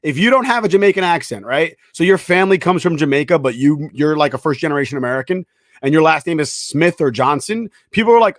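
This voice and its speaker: A man's voice: a little high, animated, fast, no echo, clean studio sound. A man co-hosting a casual podcast, arguing insistently with long examples. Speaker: podcast co-host. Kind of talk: casual argumentative chat.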